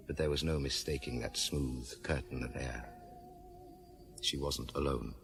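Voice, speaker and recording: A man's voice: extremely low pitch, fairly even intonation, a little slow, creaky, music in the background, exaggerated voice. An actor playing a male police inspector who narrates and chats with understated, dry humour in a radio drama.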